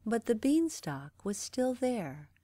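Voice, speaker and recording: A woman reading a bedtime story aloud, gentle and even. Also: a little high, slow pace, dry recording. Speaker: narrator.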